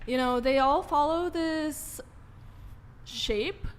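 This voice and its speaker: A young woman guest on a casual panel chat, soft-spoken and earnest. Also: high-pitched, takes it slowly.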